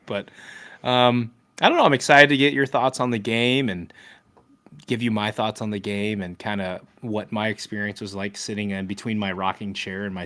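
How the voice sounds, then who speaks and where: A man in his thirties co-hosting a casual sports podcast, chatty and joking, with animated retellings. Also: on the low side. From Ohio. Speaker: podcast co-host.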